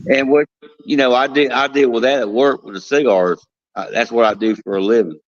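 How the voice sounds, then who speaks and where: Halting man on a dull lo-fi line. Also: medium pitch. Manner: halting, restarts and trails off. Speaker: guest, cigar plant worker. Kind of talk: casual chat. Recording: dull lo-fi sound.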